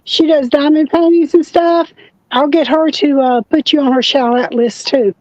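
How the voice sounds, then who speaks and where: High-voiced older woman on a dull, lo-fi line. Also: a crowd in the background. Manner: halting, restarts often. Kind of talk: casual live-stream chat. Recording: dull, lo-fi sound.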